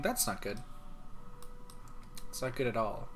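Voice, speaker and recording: A man's voice: medium pitch, lively intonation, measured pace, fairly bright tone, a little hiss or hum. A man streaming a video game, talking to himself in playful, rambling chat. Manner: playful, rambling self-talk.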